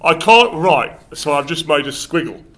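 A man's voice: a little high, lively intonation, normal speed, fairly bright tone. A man playing a bossy, bumbling medieval policeman who cannot write. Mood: pompous. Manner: pompous, bossy, self-interrupting.

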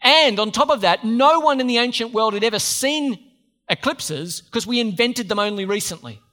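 A man's voice: very high voice, animated, normal speed, bright, forceful tone. A man preaching a sermon, conversational, with joking asides to the congregation.

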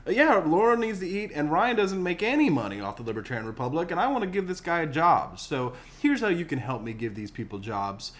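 A man's voice: a little high, very animated, fairly quick, few pauses, fairly bright tone. Guy hosting a podcast, jokey and rambly, lots of uhs and likes. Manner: loose, jokey, rambling with fillers. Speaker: podcast host. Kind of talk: casual podcast chat.

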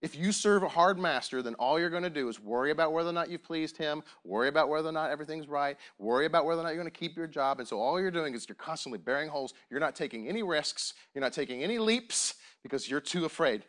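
A pastor delivering a sermon to his congregation, animated and full of rhetorical questions. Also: fairly high pitch, fast talker, few pauses.

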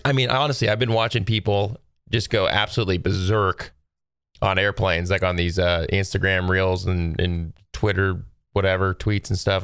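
A man's voice: medium pitch, fairly bright tone, no echo, studio quality. A man in his thirties, from Texas, talking casually to viewers from home in a rambling, exasperated rant full of fillers. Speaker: solo video host.

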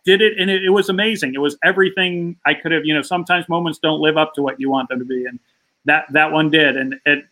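Bright-voiced man telling a story. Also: fairly high pitch, fast, rough recording. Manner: lively anecdote-telling, acting out quoted voices. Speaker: stand-up comedian guest. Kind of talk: casual interview storytelling.

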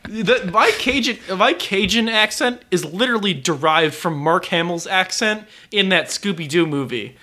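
A man's voice: sits high, animated, moderate pace, hardly any pauses, pushed and bright, a little hiss or hum. A man co-hosting a podcast in casual chat, stumbling over his words with many restarts and fillers. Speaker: podcast co-host.

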